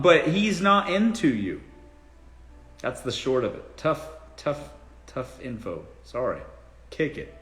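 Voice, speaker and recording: A man's voice: fairly high pitch, a bit bright, roomy sound. A man from South Carolina with a Southern accent, hosting a casual live-stream Q&A on dating and giving blunt, profane, joking answers. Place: room in his home.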